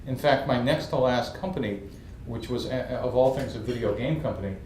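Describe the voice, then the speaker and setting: Lively storytelling man, echoey room. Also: mid-range voice, a little fast, a little hiss or hum. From New York. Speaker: entrepreneur guest. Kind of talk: storytelling interview. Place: event stage. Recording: echoey room from a distance, faint ambience.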